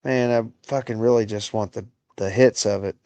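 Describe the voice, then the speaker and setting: A man's voice: on the low side, steady tone, moderate pace, mellow, no echo. Profane exasperated man ranting live. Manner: profane and exasperated, lots of bro and dude. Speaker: political livestream host.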